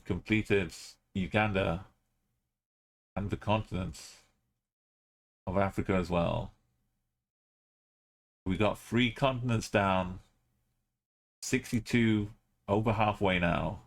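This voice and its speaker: A man's voice: on the low side, slow, creaky, long pauses. A man streaming a game live, thinking aloud as he plays and chatting with his viewers.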